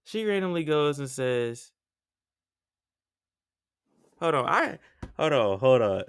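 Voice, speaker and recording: Slangy animated young man, podcast host. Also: mid-range voice, takes it slowly, smooth, no room sound. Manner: animated, slangy storytelling with frequent asides. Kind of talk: casual podcast monologue.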